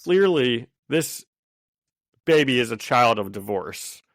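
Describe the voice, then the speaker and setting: A man co-hosting a casual comic book podcast, who laughs often and reacts quickly. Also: mid-range voice, expressive, dry recording. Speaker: podcast co-host.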